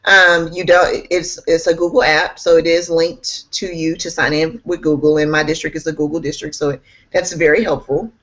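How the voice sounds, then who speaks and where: A woman's voice: sits low, steady tone, normal speed, a bit bright. A woman talking in a bubbly, enthusiastic way as an instructional technology specialist in a casual interview, laughing often. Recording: slightly muffled, lo-fi audio.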